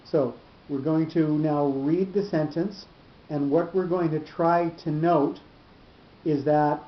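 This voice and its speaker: A man teaching a Torah study class, explaining slowly and often repeating his words. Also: on the high side, steady tone. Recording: roomy lo-fi class recording.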